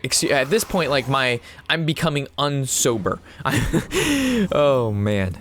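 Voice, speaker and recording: A man's voice: medium pitch, sing-song, takes it slowly, a bit bright, slight background noise. Chatty young man commentating a card game. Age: 20s. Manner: rambling, chatty, swears and laughs often. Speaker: card game player commentating his own match. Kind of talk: casual gameplay commentary mixed with an anecdote.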